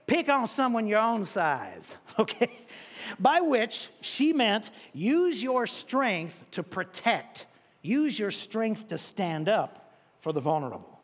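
Animated, high-voiced male preacher in a hall. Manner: animated preaching with drawn-out emphasis. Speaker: pastor. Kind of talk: sermon. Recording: long reverb in a large hall.

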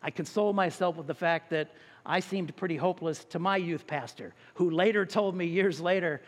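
A man's voice: sits high, brisk. A man preaching a sermon as pastor, talking to the congregation in a conversational, joking way with many restarts. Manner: addresses the congregation directly. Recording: long hall reverb.

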